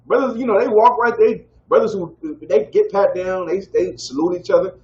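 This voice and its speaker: A man's voice: fairly even intonation, moderate pace, a little mellow. Preaching man asking "y'all with me?". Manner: call-and-response, keeps asking "y'all with me?". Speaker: teacher leading a scripture class. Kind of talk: street-preaching style Bible lesson. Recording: roomy, dull low-fi audio with faint background noise.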